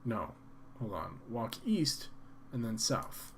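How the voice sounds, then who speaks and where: A man's voice: mid-range voice, very animated, takes it slowly, slight background noise. Male gaming host, reads game text aloud, playful asides.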